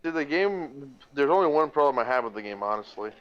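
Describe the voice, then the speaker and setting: A man chatting casually as a guest in a laid-back, low-key way. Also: lively intonation, fairly quick, lo-fi sound. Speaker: guest and voice actor. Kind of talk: casual chat.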